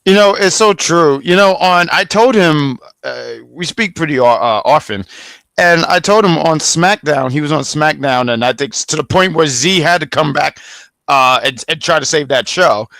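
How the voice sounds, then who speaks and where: A man co-hosting a wrestling review show in casual chat, rambling and animated with frequent restarts. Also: a little high, moderate pace, creaky, dry recording. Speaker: wrestling review podcast co-host.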